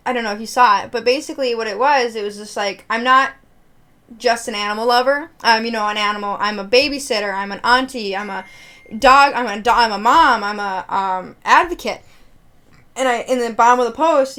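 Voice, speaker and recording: A young woman hosting a podcast, telling a story in an animated, laughing, casual way with many fillers. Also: on the high side, brisk. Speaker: podcast host.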